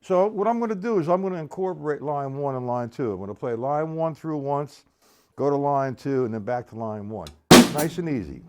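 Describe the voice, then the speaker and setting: A man's voice: medium pitch, expressive, a little fast, a little mellow, slight background noise. An older man teaching a live-streamed drum lesson, talking to viewers in the chat by name and explaining each exercise. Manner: talks to chat viewers by name, counts beats aloud. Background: drum kit.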